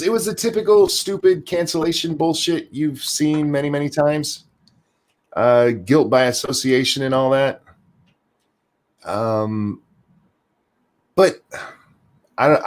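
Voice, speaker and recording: A man with a Southern US accent who co-hosts a podcast, ranting in casual chat, profane and quick to restart his sentences. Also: medium pitch. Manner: animated, profane, repeats words when starting sentences. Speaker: podcast co-host.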